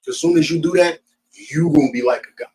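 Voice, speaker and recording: A man with a New Jersey Black American accent, teaching scripture in a colloquial, animated storytelling way. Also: a little high, fast, poor audio. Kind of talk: street preaching and scripture teaching.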